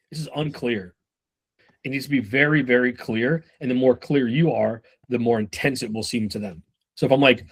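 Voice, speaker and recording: A sales trainer with a medium-pitched, slightly rough voice gives casual sales-management coaching, talking loosely and with profanity. He acts out quick snippets of conversation along the way.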